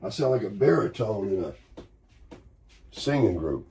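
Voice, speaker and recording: An American man, sick and congested with a hoarse voice, telling a rambling, grumbling story in a casual morning chat. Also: on the low side, sing-song, unhurried, noisy background. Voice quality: husky. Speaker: vlogger.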